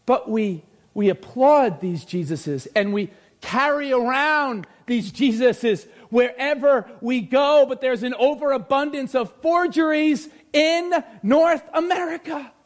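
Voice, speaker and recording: A male pastor preaching a sermon in church, energetic and joking, with emphatic shouted peaks. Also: very high voice, slow pace.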